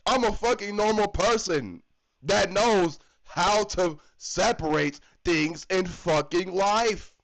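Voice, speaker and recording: A man's voice: high-pitched, slow pace, gravelly, poor audio. A man from the United States giving a heated, profane hockey fan rant that is full of swearing and repetition. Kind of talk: profane ranting commentary.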